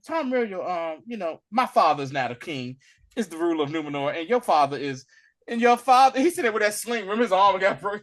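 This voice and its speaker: A man hosting a podcast, casually recapping a TV episode and acting out the characters' lines in a slangy, animated voice. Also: extremely high pitch. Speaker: podcast host.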